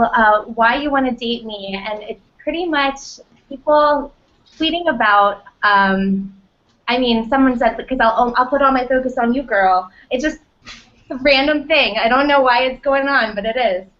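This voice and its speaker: Female co-host, easygoing, laughs a lot, higher voice, muffled lo-fi audio. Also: unhurried. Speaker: podcast co-host. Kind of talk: casual chat.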